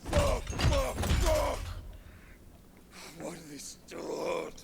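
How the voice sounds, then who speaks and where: An actor playing a furious, cruel man in a video game, snarling threats and curses in a raspy voice. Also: on the high side, sing-song, very slow, heavily acted. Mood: enraged. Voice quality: gravelly, raspy.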